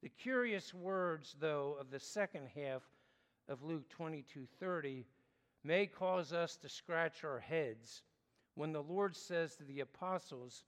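Man preacher, slightly higher voice, earnest and measured, long hall reverb. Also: expressive. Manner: earnest, explanatory, measured pauses. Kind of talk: sermon.

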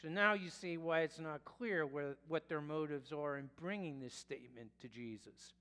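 A male pastor preaching a sermon in a slow, deliberate way, sometimes correcting himself mid-phrase. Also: a little high, sharp tone. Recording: long reverb of a church hall.

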